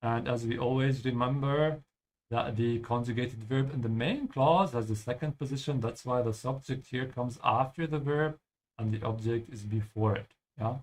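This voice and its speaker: A man's voice: mid-range voice, moderate pace, darkish tone. A man teaching German while playing a game, explaining patiently and ending his points with "yeah?". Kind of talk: language lesson over gameplay.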